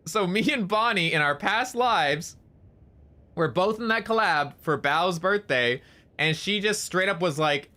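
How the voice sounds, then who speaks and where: Guy streamer just rambling while gaming, swears a lot, crisp bright voice. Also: a little high, slight background noise. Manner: rambling, candid, swears freely, lots of fillers. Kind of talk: casual chat while gaming.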